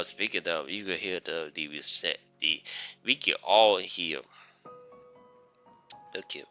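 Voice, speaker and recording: A man co-hosting a casual reaction commentary, loud and swearing, laughing at his own jokes. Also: low voice. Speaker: co-host reacting to clips.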